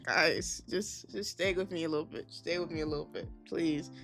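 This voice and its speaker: A woman's voice: sits low, fairly even intonation, normal speed, a bit bright, soft background music. Sleepy young woman reading a game aloud. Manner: giggly, self-correcting, rambling asides. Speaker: streamer.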